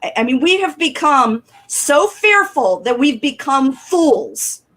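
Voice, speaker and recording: A middle-aged woman talks on a casual talk show. She tells chatty, animated stories with a laugh in her voice. Her pitch sits a little high and moves up and down a lot. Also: takes it slowly, poor audio. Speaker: co-host.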